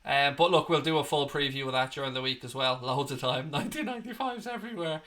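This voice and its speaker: A man's voice: medium pitch, level tone, fast talker, sharp tone. A man, hosting a casual live stream, reading out viewer comments and joking back with banter and swearing. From Ireland. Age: 30s. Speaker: fan channel host reading live chat. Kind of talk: casual livestream chat.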